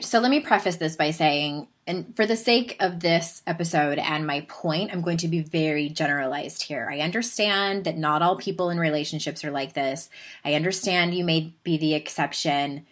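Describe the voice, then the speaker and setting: A woman in her thirties with a Southern California accent, hosting a podcast and telling a story in a chatty, animated way with laughing asides. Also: deep voice, normal speed. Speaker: podcast host. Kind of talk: casual storytelling monologue.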